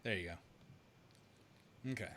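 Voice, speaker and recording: Bright-voiced man hosting a live podcast. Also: measured pace, slight background noise. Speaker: podcast host. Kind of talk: casual live-stream chat.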